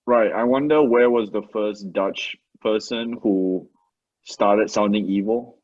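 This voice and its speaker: A man's voice: on the low side, slow, a little mellow. A man who is a guest on a podcast, chatting casually, asking curious questions and making dry jokes. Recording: dull lo-fi sound.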